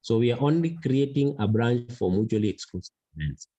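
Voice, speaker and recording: A man teaching a mathematics lesson, slow and deliberate, repeating key words for emphasis. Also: mid-range voice, animated, warm tone, highs cut off. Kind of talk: classroom lesson.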